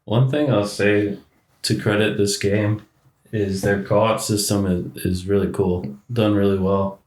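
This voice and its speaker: A man's voice: fairly low pitch, steady tone, measured pace, a little mellow, reverberant. A man co-hosting a game podcast, steadily explaining his points in casual chat. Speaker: podcast co-host.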